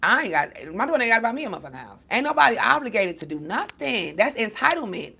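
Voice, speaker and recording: A woman's voice: fairly high pitch, fast talker, creaky, slightly rough. A woman giving a casual livestream talk as a spiritual reader, blunt and profane, preaching to her viewers. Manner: animated storytelling to viewers.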